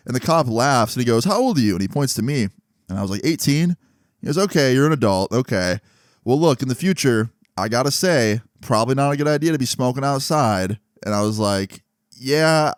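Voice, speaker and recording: A man's voice: mid-range voice, no echo, studio quality. A young man casually telling a story in a laid-back, slangy way, chuckling now and then.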